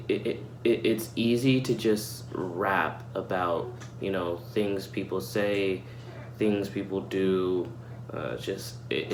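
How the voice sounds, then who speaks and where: Young guy reacting to a track, deep flat voice, stumbles and repeats words, roomy echo. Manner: halting, earnest, repeats words while searching for them. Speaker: reaction video host. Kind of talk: reflective casual commentary. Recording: echoey room with faint hum.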